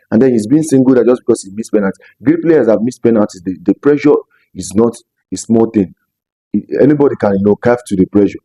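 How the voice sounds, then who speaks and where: Emphatic Nigerian man with a dark voice. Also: on the low side, dry recording, rough recording. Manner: emphatic, preachy, repeats phrases for stress. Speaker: commentary vlogger. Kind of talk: opinion commentary vlog.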